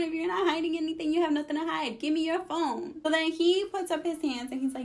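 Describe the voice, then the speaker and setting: Sassy high-voiced woman. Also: quick pace, few pauses. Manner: sassy, animated, switches between English and Spanish. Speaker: vlogger. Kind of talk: storytime vlog.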